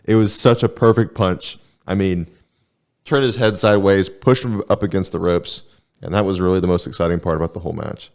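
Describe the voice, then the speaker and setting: Young man, very low voice, laid-back deadpan podcast co-host. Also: brisk. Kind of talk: casual chat.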